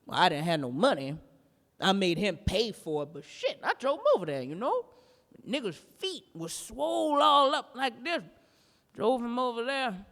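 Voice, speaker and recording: A woman performing a standup comedy routine live, telling a story in a brash, profane, animated way. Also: a little high, normal speed, big-room sound. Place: live performance in a gallery space.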